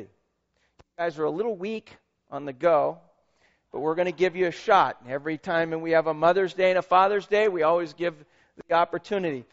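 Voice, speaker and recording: A man's voice: on the high side, muffled recording. A man preaching a sermon as pastor, emphatic and conversational, with asides to the congregation.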